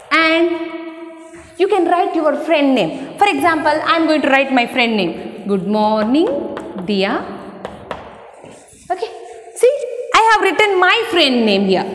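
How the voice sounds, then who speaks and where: High, lively woman teaching children. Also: unhurried, slight background noise. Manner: spells words out letter by letter, asks and answers questions. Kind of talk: classroom lesson for young children. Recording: echoey room with long reverb.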